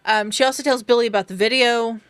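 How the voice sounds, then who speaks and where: A woman co-hosting a podcast, chatting through a TV episode recap on a video call and filling pauses with ums. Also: on the high side, steady tone, fairly bright tone, no room sound. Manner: chatty, retells scenes with filler ums. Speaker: podcast co-host. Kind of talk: casual recap chat.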